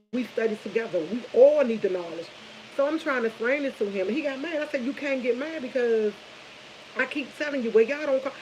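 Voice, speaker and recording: A woman's voice: mid-range voice, a little hiss or hum, rough recording. A woman, chatting casually over morning coffee, rambling from subject to subject and retelling a long story. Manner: rambling, jumps between subjects, animated storytelling. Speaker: vlogger.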